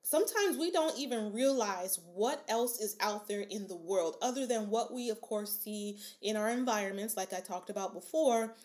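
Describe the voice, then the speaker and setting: A woman's voice: mid-range voice, moderate pace, few pauses, a little mellow. A young adult woman hosting a solo podcast, chatting casually and rambling with asides to her listeners. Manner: frequent fillers and restarts, laughs often. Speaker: podcast host.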